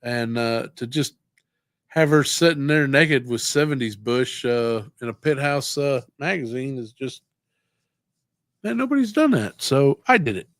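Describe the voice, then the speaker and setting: A middle-aged tattoo artist chats on a livestream, unhurried and drawn out. He rambles in a laid-back way and swears freely. The sound is dry, with no room around it. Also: medium pitch, a bit bright, dry recording. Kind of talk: casual livestream chat.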